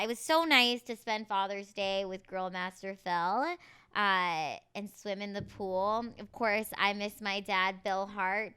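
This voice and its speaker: Bubbly bright-voiced woman co-host. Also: a little high, clean tone. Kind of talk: casual chat. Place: Los Angeles home.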